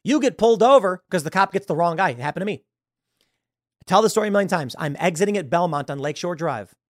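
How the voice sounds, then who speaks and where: Guy ranting on his commentary show, kinda high voice, super dry close sound, gets scornful. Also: fast, no echo. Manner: animated, acts out quoted voices, scornful. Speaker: show host. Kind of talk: political commentary.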